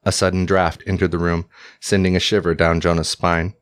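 A male narrator reading a historical tale aloud. His voice is low and deep, and his delivery is measured and formal. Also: little pitch movement, no room sound. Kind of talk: audiobook narration.

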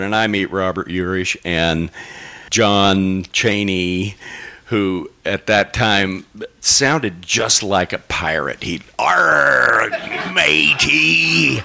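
A man from Oklahoma telling a personal story to a live lecture audience, relaxed and chuckling as he goes. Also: sits low, noisy background. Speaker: lecture speaker.

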